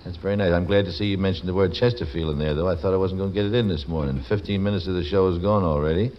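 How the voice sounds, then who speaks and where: Man, radio host, wry teasing quips, very low voice, dull old broadcast sound with faint hiss. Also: racing. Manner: wry, teasing, quips after reading aloud. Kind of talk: joking radio show banter with sponsor plugs. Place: radio studio.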